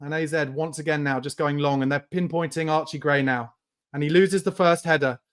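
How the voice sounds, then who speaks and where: His voice is a little high and smooth, fairly even in intonation and fairly quick. Hosting a live fan watchalong, he gives play-by-play and angry, swearing rants about his team, shouting in bursts.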